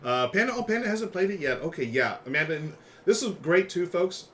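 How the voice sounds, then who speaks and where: A man's voice: high-pitched, sing-song, fairly quick, fairly bright tone, slight background noise. A man co-hosting a livestream about a board game, chatting casually with a partner and viewers, often laughing. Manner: chatty, laughing, talks with mouth full. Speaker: game show co-host.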